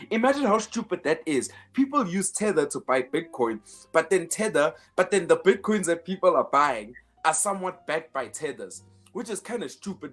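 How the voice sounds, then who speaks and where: A man with a fairly high-pitched voice hosts a finance show in a casual commentary style. He's emphatic, repeating words to build each point, and throws in sarcastic asides.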